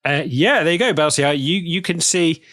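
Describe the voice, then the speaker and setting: A game master narrating a tabletop game in a lively, profane way and laughing often. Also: mid-range voice, brisk, no room sound, studio quality.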